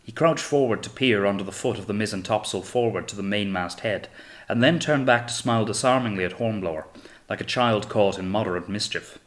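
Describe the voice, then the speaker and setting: A male narrator reading an audiobook in a steady, measured way. His voice sits on the lower side.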